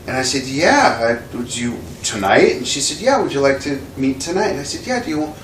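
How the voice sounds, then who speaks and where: Male interview guest, mid-pitched, animated storyteller who acts out his quotes; roomy echo, off-mic, faint hiss. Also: fairly quick, recorded from a distance. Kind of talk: casual anecdote telling. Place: indoor room with a window.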